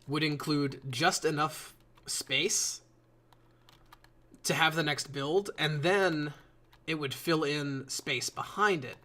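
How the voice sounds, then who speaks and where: A male streamer with a bright, somewhat high voice rambles casually while building, swearing offhandedly and chatting with his viewers. He yawns a lot as he goes.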